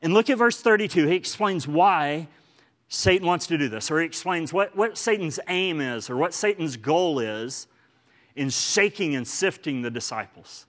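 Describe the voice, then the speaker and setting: A man's voice: fairly high pitch, animated, moderate pace, a bit bright. A man with an Oklahoman accent preaching a sermon in church, earnest and emphatic, often repeating phrases for stress. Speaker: pastor.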